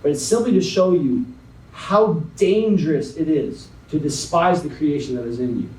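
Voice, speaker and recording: A young man as a guest speaker, slowly and dramatically reading a spoken word poem, then talking to a young audience. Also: on the high side, a little mellow. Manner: slow, dramatic poetry reading. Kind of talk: spoken word poetry then motivational talk. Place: conference hall. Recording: echoey hall, mic at a distance.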